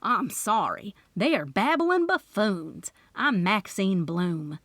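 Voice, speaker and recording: A woman's voice: mid-range voice, very animated, slow pace, a bit bright, no room sound, heavily acted. A woman voicing a blunt, hot-tempered older aunt who speaks her mind. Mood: indignant.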